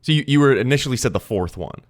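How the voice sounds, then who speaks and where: A young man co-hosting a movie podcast, chatting casually and animatedly, with quick asides and self-corrections. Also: medium pitch, expressive. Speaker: podcast co-host.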